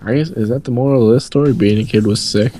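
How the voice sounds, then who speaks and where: A man's voice: mid-range voice, fast, dark tone, faint music behind. A young man from New England in a casual storytime chat, rambling and swearing as he rants. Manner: rambling, profane, ranting. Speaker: co-host.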